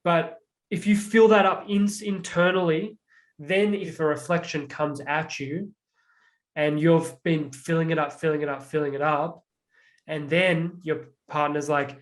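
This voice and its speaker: A young man appearing as a podcast guest, a transformational coach, explains things earnestly and reflectively, using lots of "like" fillers and acted-out examples. His voice is a little high, with a steady tone and a measured pace.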